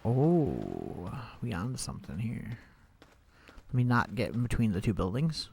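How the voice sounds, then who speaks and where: A man's voice: fairly low pitch, wildly swooping pitch, unhurried, vocal fry, a little mellow, slight background noise. A man streaming a game, thinking aloud in casual commentary with wry, sarcastic asides.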